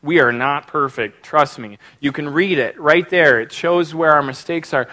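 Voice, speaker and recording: A man's voice: a little high, normal speed, pushed and bright. A middle-aged man preaching a sermon, telling a personal story with earnest emotion and then leading a prayer. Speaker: pastor.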